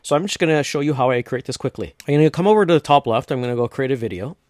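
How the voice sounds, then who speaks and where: A man from North America casually walking through a software tutorial step by step, with frequent restarts. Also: medium pitch, animated, racing, no echo, studio quality. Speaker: tutorial host. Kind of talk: screen-recorded software tutorial.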